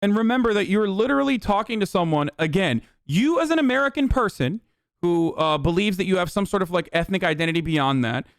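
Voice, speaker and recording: A male livestream host from Turkey delivers a heated, profane rant in a somewhat high voice. His tone is smooth and resonant. The recording is dry and close. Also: animated, brisk, no echo.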